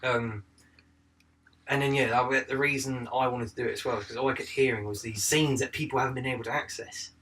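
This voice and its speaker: Bright-voiced joking podcast co-host, a man. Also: medium pitch, steady tone, fairly quick, far from the mic, a little hiss or hum. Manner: laid-back, joking, swears freely. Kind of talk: casual chat.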